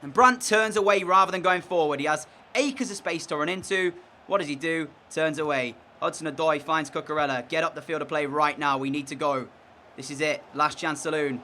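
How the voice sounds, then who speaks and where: Bright-voiced man commentating gameplay. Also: on the high side, moderate pace, slight background noise. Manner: frustrated, groans and shouts at mistakes. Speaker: gaming commentator.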